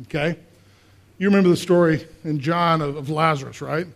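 A male pastor preaching a conversational sermon, asking the congregation questions and swinging between quiet and loud. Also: a little high, moderate pace. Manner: acts out voices in quotes, swings from quiet to loud.

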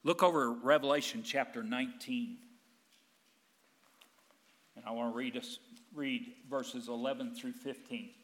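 A man preaching a sermon as pastor, emphatic and intense, swinging between loud and hushed. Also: medium pitch, steady tone, unhurried, pauses often.

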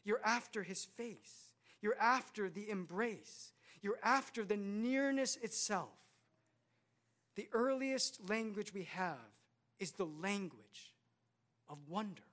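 A man's voice: sits high, animated, slow pace, a bit bright. Casting note: man in his thirties, earnest preacher, repeats lines and asks rhetorical questions. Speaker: pastor. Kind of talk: sermon.

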